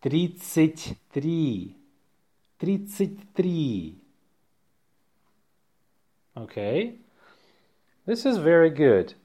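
A man teaching a podcast language lesson, slowly and patiently dictating items and repeating each one twice. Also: mid-range voice, darkish tone. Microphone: podcast microphone.

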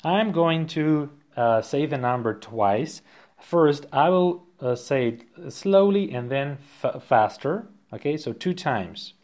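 A man teaching a podcast language lesson, slowly and patiently dictating items and repeating each one twice. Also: a little high, lively intonation, a little mellow. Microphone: podcast microphone.

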